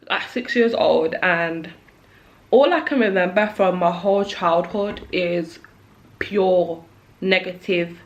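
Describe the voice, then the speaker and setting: A woman's voice: on the low side, measured pace, rough recording. A young woman, chatting casually and nervously to camera while doing her makeup, jittery and close to tears, full of likes and restarts. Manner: nervous, jittery, emotional, trailing off with many likes. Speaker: beauty vlogger.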